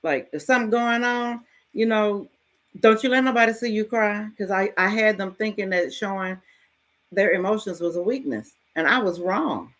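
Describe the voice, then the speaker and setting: A middle-aged woman hosting a podcast, giving a frank, casual motivational talk and telling stories with lively ups and downs and some mild swearing. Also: mid-range voice, normal speed. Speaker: podcast host.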